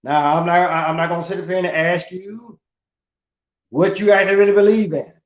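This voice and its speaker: A man's voice: high-pitched, steady tone, brisk. A middle-aged man in a casual, profane rant as a livestream host, asking rhetorical questions with emphasis. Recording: roomy, dull lo-fi sound.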